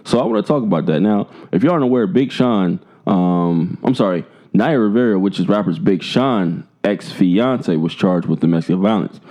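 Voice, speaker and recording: A young man co-hosting a podcast in casual chat, animated, laughing and swearing freely. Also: low-pitched, normal speed, hardly any pauses. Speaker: podcast co-host.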